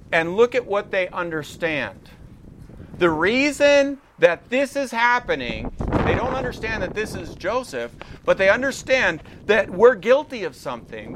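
Male pastor, slightly high voice, animated, dramatizes scripture quotes. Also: a little hiss or hum. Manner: expressive, acts out voices of the brothers. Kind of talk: sermon.

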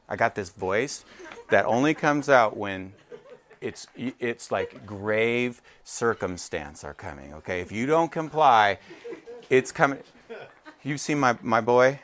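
A man in his forties gives a sermon in a lively, talkative manner, turning to his listeners again and again. His voice sits at an ordinary middle pitch. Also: takes it slowly. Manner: animated, conversational, checks in with listeners.

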